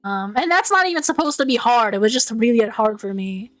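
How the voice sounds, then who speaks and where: A woman's voice: a little high, expressive, brisk, dry recording, faint music behind. A young woman streaming casual chat, stumbling over and repeating her words and laughing often. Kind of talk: casual chat, reading out chat messages.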